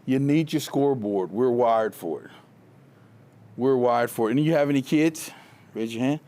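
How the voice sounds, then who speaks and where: A man giving a motivational talk to a live audience, telling stories from his coaching days in an animated way and laughing along with them. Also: medium pitch, moderate pace. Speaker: keynote speaker, former track coach. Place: live event before an audience.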